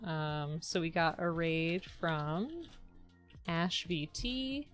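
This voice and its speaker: A woman's voice: lowish voice, animated, extremely slow, soft background music. A woman live-streaming a model build, chatting casually and upbeat with her viewers. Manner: chatty, upbeat, thanks viewers warmly by turns.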